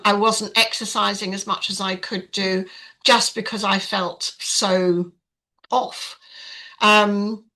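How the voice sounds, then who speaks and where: Chatty older woman, bright voice. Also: mid-range voice, rough recording. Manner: frank, chatty, many fillers. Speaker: podcast guest. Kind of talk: casual storytelling.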